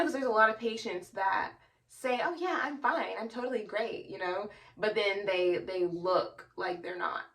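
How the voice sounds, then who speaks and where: A woman's voice: mid-range voice, a bit bright, distant mic. A young woman who works as a psychiatric nurse, explaining in a chatty, earnest way with a lot of "you know". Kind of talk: casual educational explainer.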